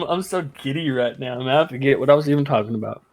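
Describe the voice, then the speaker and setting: A man hosting a casual fan podcast, talking in an excitable, rambling way and laughing easily. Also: mid-range voice, quick pace, few pauses. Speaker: podcast host.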